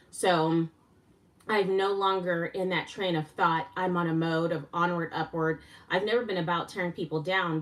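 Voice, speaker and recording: A woman hosting a casual live stream, excitable and a little winded, laughing often and gushing with thanks. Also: lowish voice, recorded from a distance. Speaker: livestream host.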